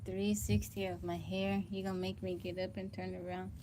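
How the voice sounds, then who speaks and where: A woman's voice: on the low side, little pitch movement, normal speed, warm tone, slight background noise. A middle-aged woman hosting a casual livestream, chatting to viewers by name while sounding tired and weak, on a phone mic at home. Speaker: livestream host.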